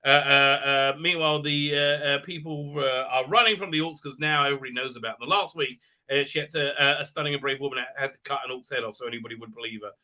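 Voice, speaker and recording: A man's voice: mid-range voice, steady tone, fast, pushed and bright. A man hosting a live stream, giving a sarcastic, rambling recap with many "uh, uh" hesitations and sneering asides.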